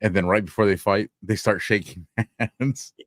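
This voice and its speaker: Deep-voiced man in dry casual chat. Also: fairly even intonation, moderate pace, dry recording. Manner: laughing while telling an anecdote.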